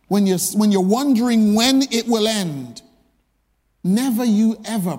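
Man preaching, high voice, emphatic rhetorical questions, long hall reverb. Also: darkish tone. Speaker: pastor. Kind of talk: sermon.

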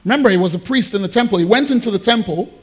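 A man's voice: high-pitched, slightly rough. A man preaching a sermon, switching into playful voices to act out Bible figures. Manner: animated, acts out biblical figures in quick asides. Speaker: pastor.

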